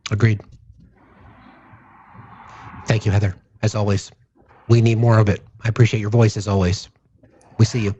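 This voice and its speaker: A man hosting a live stream, speaking in a calm, supportive, casual way with a husky voice. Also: lowish voice, normal speed, pauses often, highs cut off, a little hiss or hum. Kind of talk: casual chat.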